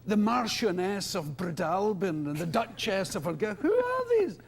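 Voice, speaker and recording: A man's voice: high voice, very animated, moderate pace, gravelly. A Scottish man, a comedian guest on a chat show, telling rambling anecdotes. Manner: rambling, anecdotal, with mimicked posh voices. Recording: audience and studio noise.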